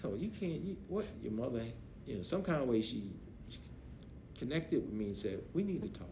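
A man's voice: medium pitch, moderate pace, creaky. A middle-aged man, a pastor, telling a story from his life in a podcast interview in casual speech and acting out the voices of others. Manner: animated, acts out voices, casual dialect grammar. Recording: roomy echo, faint noise.

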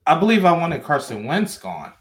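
A man co-hosting a casual sports podcast, talking in halting bursts with restarts and slightly slurred words. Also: fairly high pitch, very animated. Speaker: podcast co-host.

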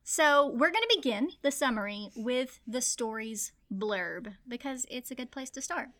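A woman co-hosting a book podcast from home, chatting quickly and giggling often. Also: on the high side. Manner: talks fast, animated and giggly. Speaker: podcast co-host. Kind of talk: casual chat.

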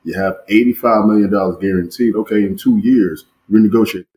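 Deep-voiced slangy male co-host. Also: a little fast, darkish tone, rough recording. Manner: slangy, emphatic, repeats phrases for effect. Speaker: podcast co-host. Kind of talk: casual podcast chat.

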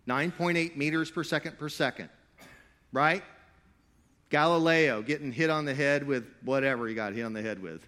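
Animated male preacher, loud then hushed. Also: moderate pace. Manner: animated preaching, swinging between loud emphatic stretches and low quiet asides; playful, jokey with the crowd. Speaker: pastor. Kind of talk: sermon to a live congregation.

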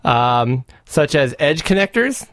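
A man's voice: a little high, big pitch swings, takes it slowly, a bit bright, no echo, clean studio sound. A man co-hosting a retro gaming podcast, chatting casually and reading sponsor plugs. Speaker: podcast co-host. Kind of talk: casual chat.

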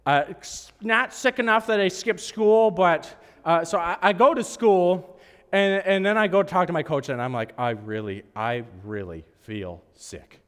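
A hoarse man preaching a sermon, telling a story in an animated, self-mocking way and laughing often. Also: high voice, normal speed. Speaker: pastor. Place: church service hall. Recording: echoey hall reverb.

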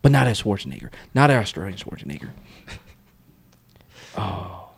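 A man's voice: low-pitched, very animated, normal speed, gravelly, husky. A man calling in, eager and stammering, giggling as he asks for requests. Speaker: caller. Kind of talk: comedy sketch.

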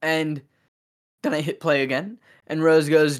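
In a casual podcast chat, a host animatedly retells a film's plot and briefly voices the characters' lines. The voice is medium-pitched and a little slow, with a flat delivery.

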